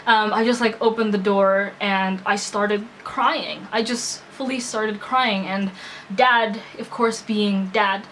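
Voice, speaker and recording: A woman's voice: mid-range voice, steady tone, takes it slowly, fairly bright tone, slight background noise, low-quality recording. A young woman telling a personal story to her vlog audience, earnest and emotional, full of hesitations and restarts. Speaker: vlogger.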